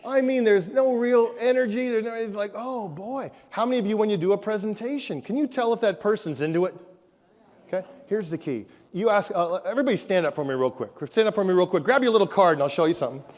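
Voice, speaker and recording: A man with a high voice delivers a motivational keynote in a large hall. His words ring with long reverb. He talks in punchy, repeated phrases and keeps questioning the crowd. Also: expressive, quick pace, a little mellow. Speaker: motivational speaker. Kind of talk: high-energy keynote speech to a live audience. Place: large conference room with an audience.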